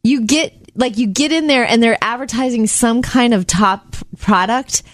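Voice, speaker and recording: A woman co-hosting a casual talk show, chatty and quick to laugh as she tells stories. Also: a little high, no room sound, studio quality. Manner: chatty, laughs often, storytelling. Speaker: radio show co-host. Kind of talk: casual morning show banter.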